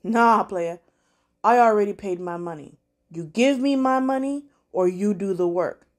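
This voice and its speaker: A woman's voice: mid-range voice, measured pace, lightly acted. A woman voicing a cocky young male street dealer who mocks and orders others around. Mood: bossy. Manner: cocky, mocking, bossy.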